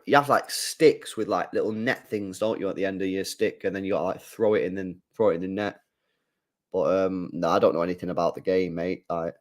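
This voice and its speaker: A man chatting casually as a football watchalong streamer, rambling and repeating his phrases for emphasis. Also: fairly low pitch. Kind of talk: casual live-stream chat.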